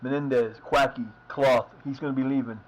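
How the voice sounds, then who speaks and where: A man's voice: mid-range voice, steady tone, fairly quick. A man casually chatting while streaming a football management game, rambling and swearing now and then. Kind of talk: casual live-stream commentary. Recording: slightly dull lo-fi mic.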